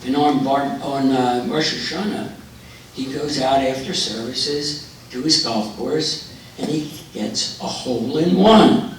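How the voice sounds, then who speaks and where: A man telling jokes to a live audience, unhurried, louder on the punchlines. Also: medium pitch, slight background noise. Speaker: joke teller. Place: forum hall. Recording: echoey hall, voice from far off.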